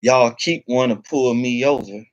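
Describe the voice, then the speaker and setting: A man's voice: medium pitch, measured pace, no room sound, highs cut off. A man ranting angrily to the camera, swearing heavily and repeating himself. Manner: heated, profane, repeats himself. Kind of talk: angry rant to camera.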